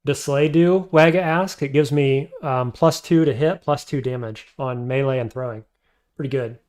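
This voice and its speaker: A man's voice: mid-range voice, moderate pace, a little mellow. A man streaming a game, thinking aloud as he weighs his options and answers chat. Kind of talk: casual live-stream commentary.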